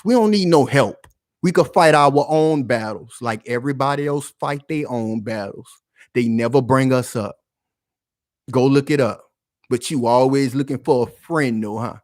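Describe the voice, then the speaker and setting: A man's voice: medium pitch, dry recording, studio quality. A man hosting his own channel, delivering heated, emphatic commentary full of slang and rhetorical questions. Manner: loud, emphatic, confrontational.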